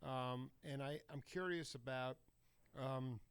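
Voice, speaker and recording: A man's voice: mid-range voice, fairly even intonation, slow pace. A man interviewing a guest, rephrasing his questions with hesitant fillers. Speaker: interviewer, host.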